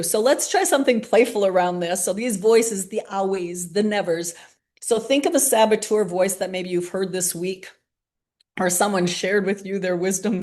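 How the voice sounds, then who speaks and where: A woman leading a reflective group workshop, speaking gently and candidly, often with a laugh. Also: mid-range voice. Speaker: workshop facilitator.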